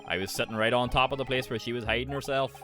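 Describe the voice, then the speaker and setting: A man voicing a calm, courteous Irish gentleman while reading game dialogue aloud. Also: mid-range voice, fast talker, faint music behind, close to an everyday voice.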